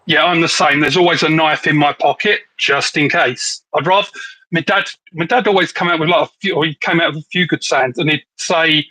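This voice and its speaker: A man's voice: on the high side, fairly even intonation, brisk, bright, forceful tone, no room sound, low-quality recording. A man with an English accent chatting on a live stream, joking and rambling with lots of "like". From England. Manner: joking, rambling, says "like" often. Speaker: livestream co-host. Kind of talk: casual live chat.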